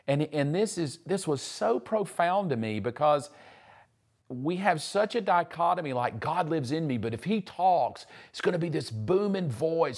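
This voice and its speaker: A man's voice: on the high side, lively intonation, moderate pace, a little mellow. A man pastor preaching conversationally, acting out the voices of people he quotes. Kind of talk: sermon.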